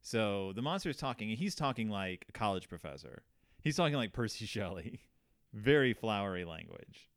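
A man hosting a casual book discussion, animated and quick to act out quotes. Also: on the low side, dry recording, clean studio sound. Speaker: podcast host.

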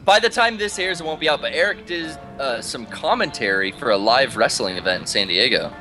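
A man with a bright, fairly high voice that swings widely as he riffs. He co-hosts a loose gaming podcast, cursing casually and joking with his friends, with faint music underneath. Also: brisk. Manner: animated, jokey, swears freely. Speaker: podcast co-host. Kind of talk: casual profane banter.

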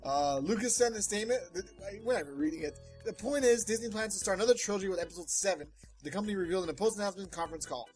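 A man co-hosting a casual gaming podcast, reading news items and riffing excitedly with jokes and swearing. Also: sits high, racing, faint music behind, rough recording.

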